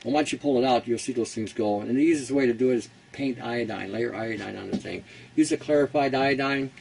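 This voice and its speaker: A man's voice: mid-range voice, brisk, creaky, darkish tone, far from the mic, a little hiss or hum, low-quality recording. A Canadian man hosting a casual how-to talk, blunt and rambling, who laughs at his own jokes. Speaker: host.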